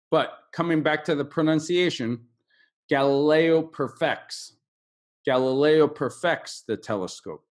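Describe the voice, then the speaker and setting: A middle-aged man teaching English in an online lesson, drilling word stress with slow, drawn-out repetitions. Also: a little high.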